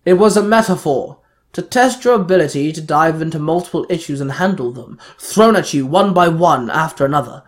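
A man reading aloud, voicing the Ultra Grid, an ancient power that speaks through a teammate's avatar in a slow, formal way. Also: fairly high pitch, lively intonation, lightly acted. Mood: measured.

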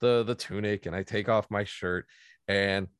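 Laughing dad telling a story. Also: male voice, on the low side, normal speed, clear, resonant tone, dry recording, studio quality. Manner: animated, laughs often, acts out quotes. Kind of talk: casual storytelling chat.

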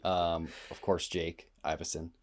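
A man's voice: deep voice, flat delivery, unhurried. A man co-hosting a podcast, chatting casually with dry asides. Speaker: podcast co-host. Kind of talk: casual chat.

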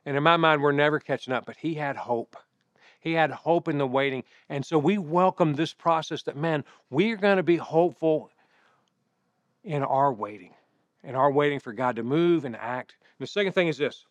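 A middle-aged pastor preaching a sermon in a conversational way, mixing scripture with personal stories. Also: male voice, fairly high pitch, moderate pace, no room sound.

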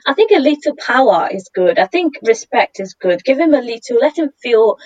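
A woman's voice: fairly high pitch, a little fast, dry recording. Chatty woman podcast host, lo-fi sound. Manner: animated, chatty storytelling with many fillers and laughs. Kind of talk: casual chat. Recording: dull, dry lo-fi audio.

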